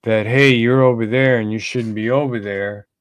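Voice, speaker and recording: A man's voice: mid-range voice, steady tone, moderate pace, clear, resonant tone, no room sound. A man co-hosting a podcast livestream, rambling casually and greeting chat viewers by name. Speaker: podcast co-host.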